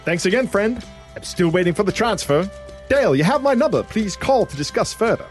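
A man's voice: sits high, animated, faint music behind, voice pushed up. A man putting on a breezy bloke in a terrible Australian accent. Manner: deliberately bad Australian accent. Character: friendly ordinary man stringing along a scammer.

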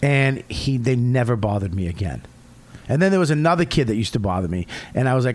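A man's voice: mid-range voice, big pitch swings, brisk. Profane man telling blunt stories. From Boston area, USA. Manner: profane, blunt storytelling with loud outbursts. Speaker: comedian guest. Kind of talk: casual podcast chat.

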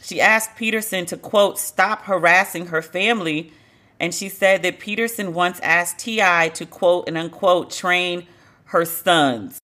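Bright-voiced woman podcast host, blunt. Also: lowish voice, measured pace. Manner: blunt, profane, wryly joking. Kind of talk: casual pop culture commentary.

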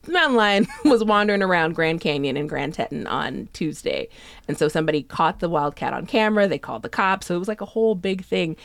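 A woman's voice: on the low side, sing-song, a little fast, vocal fry, dry recording, clean studio sound. A woman co-hosting a casual talk show, chatty and playful, laughing often. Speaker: podcast co-host. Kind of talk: casual chat.

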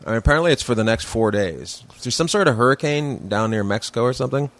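A man who is a comedian guest on a podcast, talking in a laid-back, halting way in casual chat. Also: medium pitch, animated, a bit bright, dry recording. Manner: laid-back, hesitant with fillers. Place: home man cave.

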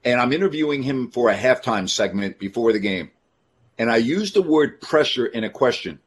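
A man co-hosting sports talk radio, telling a story earnestly and chiming in with quick agreement. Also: medium pitch, animated, breathy edge.

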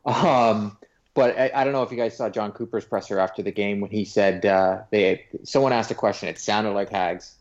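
A man co-hosting a podcast, chatting about hockey in a wry, conversational way with some halting restarts. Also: on the low side, steady tone, lo-fi sound. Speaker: podcast co-host. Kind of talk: casual hockey chat.

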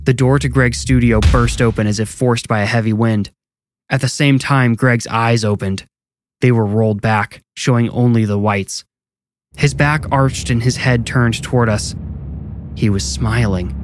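A man narrating a scripted first-person horror story in a measured, low-key way. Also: fairly even intonation, a little hiss or hum. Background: music.

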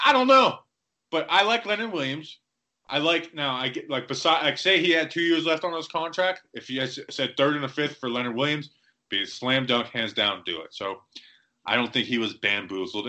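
A man's voice: mid-range voice, sharp tone. A man co-hosting a podcast in casual sports chat, rambling with lots of "like" and restarts. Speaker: podcast co-host.

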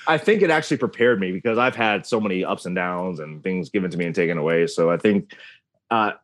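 A man's voice: low voice, quick pace. A man in his thirties, a wrestling announcer, telling stories as an interview guest, acting out the voices he quotes. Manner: animated, acts out quoted voices. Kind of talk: casual interview storytelling.

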